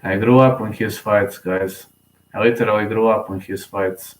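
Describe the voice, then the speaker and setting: Young man, excited fan commentary on a fight, repeats lines, roomy echoey sound. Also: fairly low pitch, moderate pace. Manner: excitable, emotional, repeats himself. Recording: roomy echo.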